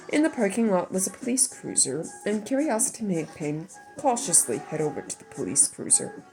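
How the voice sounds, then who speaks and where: A woman's voice: mid-range voice, a little mellow, poor audio. A woman reading her own story aloud, breaking off for chatty, self-deprecating asides.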